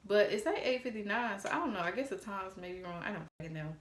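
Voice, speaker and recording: A woman's voice: medium pitch, animated, fast, roomy sound. A woman in her twenties telling a casual storytime vlog, blunt and sassy and swearing freely. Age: 20s. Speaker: storytime vlogger.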